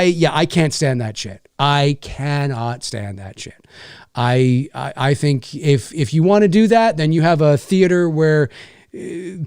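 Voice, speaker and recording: A man's voice: on the high side, darkish tone, clean tone, no room sound, studio quality. A man hosting a casual livestream rant, rambling and swearing, with many restarts. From Canada. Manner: rambling, profane, frequent restarts. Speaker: YouTube host.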